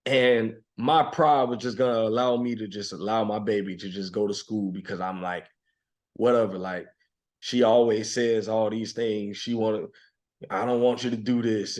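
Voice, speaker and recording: Thirtysomething guy on a podcast, lowish voice, reflective and soft, gets emotional. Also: normal speed. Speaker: podcast guest. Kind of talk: heartfelt conversational storytelling.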